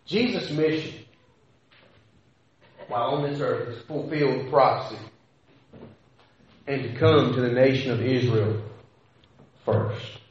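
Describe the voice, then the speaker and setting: A man's voice: mid-range voice, slow pace, pauses often. A man preaching a sermon, talking conversationally with rhetorical questions and frequent restarts. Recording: echoey hall, dull lo-fi sound.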